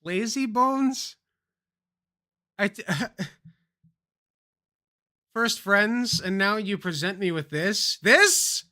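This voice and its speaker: A man's voice: high voice, takes it slowly, pauses often, sharp tone. A man streaming live reactions to clips, exasperated and theatrical, swearing through long rants.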